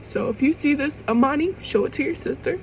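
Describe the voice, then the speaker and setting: A woman's voice: high-pitched, brisk, darkish tone, a little hiss or hum, low-quality recording. A young woman vlogging to camera in an emotional personal monologue. She rambles and restarts, swears casually, and fights back tears.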